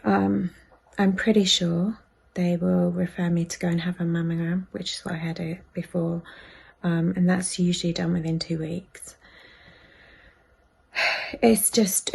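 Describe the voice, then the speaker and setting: In her personal vlog, a worried woman in her thirties half-whispers her confidences to the camera. She speaks at normal speed with little pitch movement, her voice on the low side, a little mellow, husky and gravelly.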